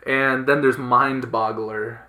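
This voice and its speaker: A man's voice: medium pitch, steady tone, slow, bright, forceful tone. A man hosting a casual podcast chat, explaining things enthusiastically with lots of fillers and restarts. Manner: enthusiastic, rambling, many fillers. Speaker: podcast host. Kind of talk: casual chat about comics.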